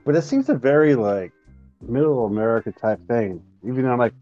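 A man's voice: medium pitch, animated, a little fast, no echo, highs cut off, faint music behind. A man co-hosting a podcast, talking in a loose, rambling way with crude jokes. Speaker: podcast co-host. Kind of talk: casual chat. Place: home studio, Washington State.

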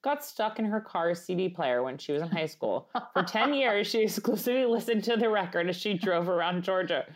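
Woman, Long Island accent, co-host, rambling casual chat, laughs often, slightly low voice. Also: expressive, brisk, hardly any pauses. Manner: laughing, rambling, reads articles aloud. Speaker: podcast co-host.

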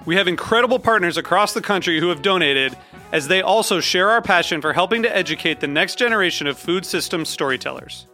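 A man's voice: high-pitched, expressive, fast, bright, forceful tone, soft background music. A man reading a scripted fundraising appeal for a radio network in an earnest, read-aloud way.

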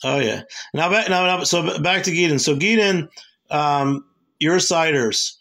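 A male host with a gravelly, slightly high voice runs the conversation. He asks eager questions and trips over the first words as he starts them. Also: a little slow, pushed and bright. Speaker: host, event organizer. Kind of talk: casual interview talk.

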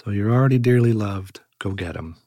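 A middle-aged man, a pastor, telling reflective stories in an earnest, halting way with many fillers. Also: lowish voice, warm tone, dry recording, studio quality. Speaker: pastor and guest. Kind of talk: reflective conversational storytelling.

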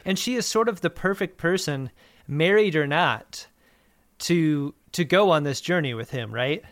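A man with a thin, reedy voice, a little high, chats casually and playfully as a podcast co-host. The close mic is dry, with no room sound. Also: lively intonation, unhurried, a bit bright, no echo. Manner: playful, riffing and recapping.

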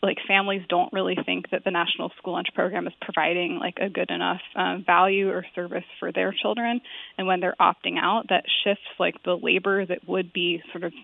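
A woman author answers interview questions in a considered way, pausing often on "um" and "like". Her voice sits a little low and carries some gravel. The sound is tinny and dry, as if it comes down a phone line. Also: level tone, no echo. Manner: thoughtful, many fillers like "um" and "like". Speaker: author and guest.

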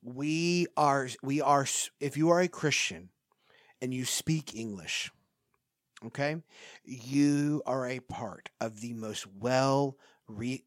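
A man's voice: medium pitch, no echo. Pleading man with dry sound. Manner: impassioned, pleading, repeats himself. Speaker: podcast host. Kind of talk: casual discussion.

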